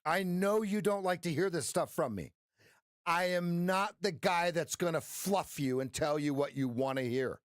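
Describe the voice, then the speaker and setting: A man's voice: fairly high pitch, moderate pace, no echo, studio quality. A man coaching traders on a live stream, blunt, passionate and profane. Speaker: trading coach.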